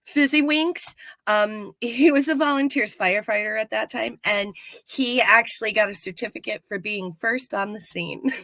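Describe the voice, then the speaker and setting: A woman co-hosting a casual live-stream, retelling an episode in animated fashion and acting out quotes. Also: a little high, moderate pace, dry recording. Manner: animated storyteller, acts out quotes. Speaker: podcast co-host recapping a TV episode. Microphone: live-stream setup.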